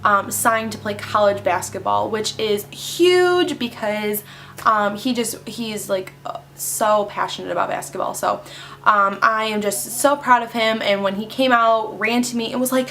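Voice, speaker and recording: A woman's voice: medium pitch, normal speed, fairly bright tone, a little hiss or hum. A young woman chatting casually in a monthly favorites vlog, bubbly and rambling, with many "like" and "um" fillers. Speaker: beauty vlogger.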